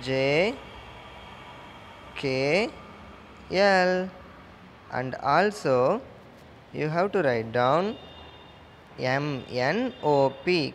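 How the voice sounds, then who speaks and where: A man with an Indian English accent teaching young pupils, reading slowly through a textbook page and repeating simple words. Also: a little high, vocal fry, slight background noise.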